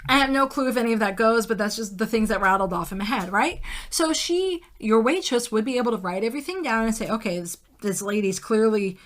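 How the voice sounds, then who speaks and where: A woman's voice: on the high side, animated, fast talker, few pauses, a bit bright. A woman hosting a solo podcast, talking in a blunt, casual way, swearing freely and acting out little scenes as she explains. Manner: blunt and swears freely, acts out diner exchanges. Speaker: podcast host.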